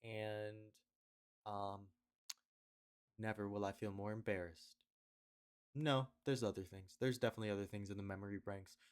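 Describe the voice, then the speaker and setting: A man's voice: on the low side, little pitch movement, normal speed, long pauses, clean tone. A young man rambling through a confessional video diary at home on his webcam, trailing off and repeating himself. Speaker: video diarist.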